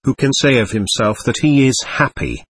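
A man's voice: mid-range voice, sing-song, moderate pace, a bit bright, breathy edge, dry recording. A male narrator voicing an anxious, effusive middle-aged mother who pleads fervently, in an audiobook. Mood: anguished. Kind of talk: audiobook character reading.

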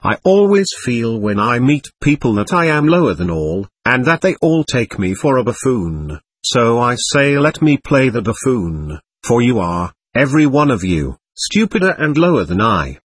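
A man doing mocking old buffoon, impudent, taunting, husky, lively swings in pitch. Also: moderate pace, hardly any pauses, no echo. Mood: scornful.

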